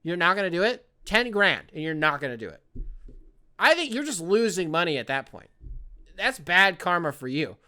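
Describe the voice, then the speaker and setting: A man hosting a podcast, rambling in casual solo commentary with lots of swearing and excitable outbursts. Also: high-pitched, normal speed. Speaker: podcast host.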